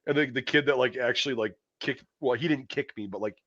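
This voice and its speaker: A man hosts a casual podcast and tells a long anecdote, cursing constantly and padding it with fillers. His voice sits at an everyday middle pitch. The audio is dry and a little dull and muffled. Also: fast talker, a bit bright, dry recording. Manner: profane, rambling anecdote with lots of fillers. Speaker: podcast host. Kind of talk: casual storytelling chat.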